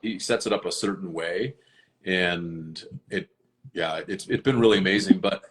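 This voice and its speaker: Earnest rambling man, lowish voice. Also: moderate pace, a bit bright. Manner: earnest, rambling, many fillers and restarts. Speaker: live stream host. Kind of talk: casual chat.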